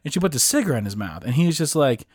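A man's voice: on the high side, very animated, very fast, darkish tone, breathy edge, dry recording, studio quality. A man co-hosting a podcast, telling rambling stories in casual chat with lots of fillers and laughing asides. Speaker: podcast co-host.

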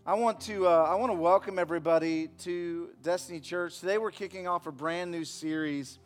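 A man with a high voice preaches a sermon from a church stage. He tells stories and acts out the voices in them, speaking to a congregation in the room. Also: steady tone, brisk, soft background music. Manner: storytelling, acts out voices in anecdotes. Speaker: pastor. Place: church sanctuary.

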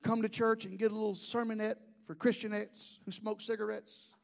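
A man preaching a sermon, a pastor, who swings from shouted declarations to quiet joking asides with folksy humor. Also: high voice, level tone, brisk, vocal fry.

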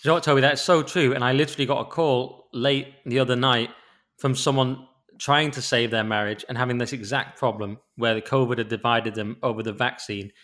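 A man co-hosting a podcast in casual chat, chatty and quick, often repeating words as he goes. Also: mid-range voice, steady tone, fairly bright tone. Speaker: podcast co-host, former comedian.

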